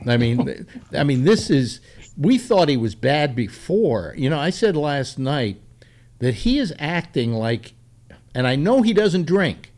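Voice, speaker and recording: A man hosting a casual political talk show, rambling with many halting restarts. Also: fairly high pitch, sing-song, a little mellow.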